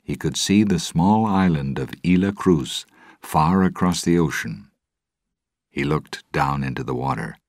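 Casual: deep-voiced guy reading a story slowly, dry close sound. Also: dry recording. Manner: measured, expressive. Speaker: narrator.

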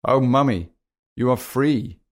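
A man's voice: lowish voice, animated, a little slow, faint music behind. A man voicing an eager young giraffe calf in a storybook reading. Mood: overjoyed.

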